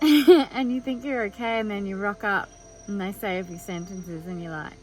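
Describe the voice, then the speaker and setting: A woman's voice: mid-range voice, moderate pace, low-quality recording. Vlogger, woman, chatty and candid, music and crickets underneath. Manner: chatty and open, thinking aloud. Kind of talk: candid personal vlog.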